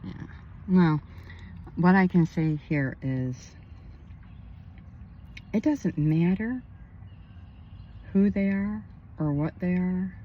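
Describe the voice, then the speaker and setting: Woman counselor, slow rambling vlogger, emphatic, dull lo-fi outdoor sound with faint noise. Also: lowish voice. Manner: emphatic, rambling, indignant asides. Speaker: spiritual counselor. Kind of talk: rambling personal vlog. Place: outdoors by a pond.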